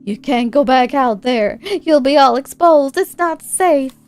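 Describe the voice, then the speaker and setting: A woman's voice: high-pitched, measured pace, soft background music. A woman voicing a worried, protective older mother, reading game dialogue aloud in a raised, pleading voice.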